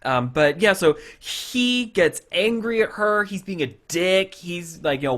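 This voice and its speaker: A man's voice: high voice, a little slow, few pauses. A man co-hosting a podcast, casually reviewing a TV episode and acting out its scenes as he retells them. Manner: animated retelling, acting out quotes. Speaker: podcast co-host.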